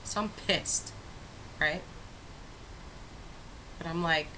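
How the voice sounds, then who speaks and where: A young woman vlogging, her voice bright and clear as she tells a personal story. She talks in a casual, animated way, drawing the listener in with quick asides. Her pitch sits in an ordinary middle range for a woman. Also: a little hiss or hum, rough recording. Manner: animated, expressive retelling with rhetorical asides.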